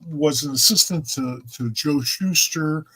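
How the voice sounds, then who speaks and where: A man's voice: fairly high pitch, a little slow, pushed and bright, slightly rough, poor audio. A man in his seventies, a podcast host telling a long rambling anecdote in casual chat, with repeats and restarts. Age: 70s.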